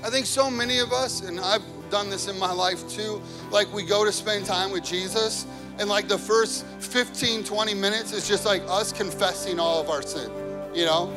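Preaching with personal anecdotes, this pastor climbs into fervent passion, his high-pitched voice moving at a normal speed. Worship band instruments play in the background.

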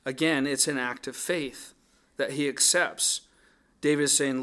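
A man delivers a sermon in an earnest, thoughtful manner. His voice sits at an ordinary middle pitch, and he often restarts his phrases as he reasons his way through the text. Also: steady tone, a little slow, sharp tone. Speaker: pastor. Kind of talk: sermon on a psalm.

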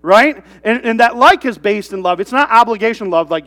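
A man's voice: extremely high pitch, animated, moderate pace, few pauses, a bit bright. A man preaching a sermon in a conversational way, often checking in with "right?" and telling stories about his kids. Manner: conversational, asks rhetorical questions. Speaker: pastor.

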